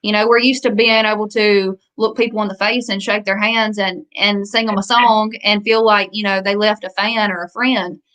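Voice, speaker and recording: A woman's voice: medium pitch, steady tone, normal speed, few pauses, a bit bright. A young woman from Louisiana with a Southern accent, a country singer chatting as a guest in an interview in a folksy, thankful way. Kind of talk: casual interview chat.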